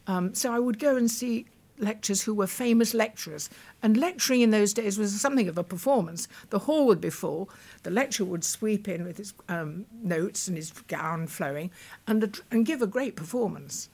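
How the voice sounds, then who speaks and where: A woman's voice: mid-range voice, normal speed, darkish tone. A woman in her eighties from the United Kingdom, a veteran broadcaster recalling her past thoughtfully as an interview guest, often restarting sentences and quoting what people said. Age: 80s. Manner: thoughtful, with frequent restarts and quoted recollections. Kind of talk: reflective storytelling in conversation.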